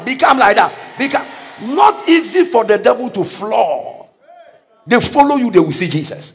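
A man preaching an energetic sermon as pastor, breaking into sudden shouts and laughing at his own stories. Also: very high voice, moderate pace, a little hiss or hum.

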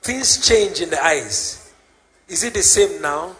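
A man leading a healing service, questioning people and shouting to the crowd to respond. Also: a little high, animated, takes it slowly. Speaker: preacher. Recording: live church service with music.

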